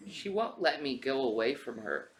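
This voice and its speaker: A male streamer chatting casually on a livestream at home, often slipping into soft baby talk to his pet cat. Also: mid-range voice, sing-song, moderate pace, low-quality recording.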